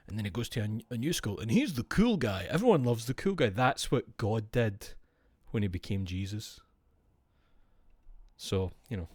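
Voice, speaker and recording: Man, casual stream chat, sweary and rambling, lively pitch, dry close sound. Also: no echo. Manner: rambling, profane, jokey, animated.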